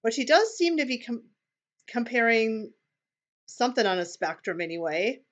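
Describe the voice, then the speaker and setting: A woman's voice: fairly high pitch, very animated, normal speed, a bit bright, lo-fi sound. A woman commentating on video clips, thinking aloud in a tentative, questioning way. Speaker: personality-typing commentator.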